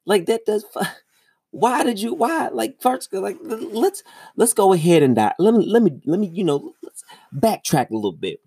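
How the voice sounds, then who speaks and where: A young man telling a story in a casual, profane ranting monologue, with his voice jumping high when he gets exasperated. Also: big pitch swings, normal speed, mellow, breathy edge, dry recording, studio quality. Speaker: vlogger.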